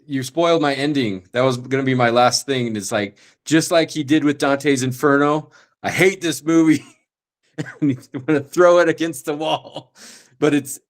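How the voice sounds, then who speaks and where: A man co-hosting a film podcast, musing in a meandering, reflective way. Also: medium pitch. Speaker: podcast co-host. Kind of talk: casual film discussion.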